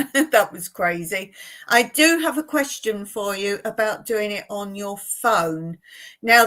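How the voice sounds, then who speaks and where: A woman's voice: medium pitch, fairly bright tone. A woman talking casually to camera from her home, chatty and rambling, laughing often as she speaks. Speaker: vlogger. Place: at home indoors.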